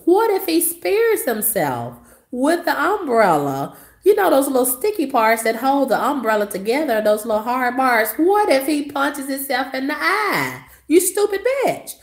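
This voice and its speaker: A woman's voice: sits high, big pitch swings, measured pace, roomy sound. A woman delivering a profane, sassy rant as a vlogger, coughing now and then. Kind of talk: ranting monologue.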